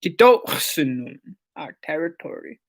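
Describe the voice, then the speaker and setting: An unhurried teacher in the middle of a language lesson, saying each word over and over for learners. Some repeats come out softly or as a whisper, and the explanations of stress and meaning stay patient and plain. The voice sits at an ordinary middle pitch. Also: big pitch swings. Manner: says each word several times slowly, sometimes softly or in a whisper; explains pronunciation patiently with short asides.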